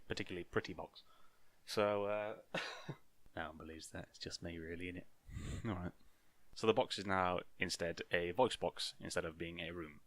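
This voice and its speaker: A man's voice: low-pitched, a bit bright. A young man explaining a science topic in a casual, jokey way, with mock-boastful asides and playful heckles of himself. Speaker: science video host.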